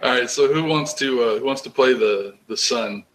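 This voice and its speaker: A man's voice: mid-range voice, normal speed, fairly bright tone, low-quality recording. A man running a tabletop role-playing game, laid-back, with many filler sounds. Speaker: game master. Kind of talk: casual game narration.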